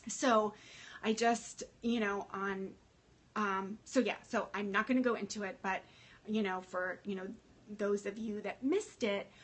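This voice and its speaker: A woman's voice: a little high, slightly rough. A woman chatting casually to her livestream viewers, emotional and rambling, with many fillers and restarts, greeting viewers by name. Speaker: fashion consultant livestreaming to followers.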